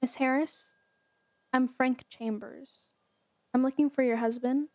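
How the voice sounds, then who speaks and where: A woman's voice: high voice, steady tone, measured pace, a little mellow, dry recording. A woman reading as a pushy male investigator. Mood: probing. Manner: reads his lines plainly in her own voice.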